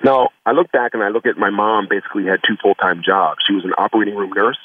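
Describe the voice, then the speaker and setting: Brief: reflective man with a lowish voice recounting his life, thin phone sound. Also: fairly even intonation, quick pace. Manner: earnest, reflective, lots of "you know". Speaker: guest, foundation founder. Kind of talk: personal storytelling in a phone interview. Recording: tinny phone line, distant from the mic.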